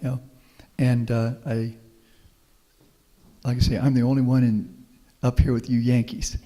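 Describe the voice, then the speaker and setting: A man's voice: mid-range voice, little pitch movement, a little slow, warm tone. A middle-aged man from Houston, Texas, giving a folksy, anecdotal public talk as a professor and answering audience questions. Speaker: guest speaker, professor. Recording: long reverb of a meeting hall.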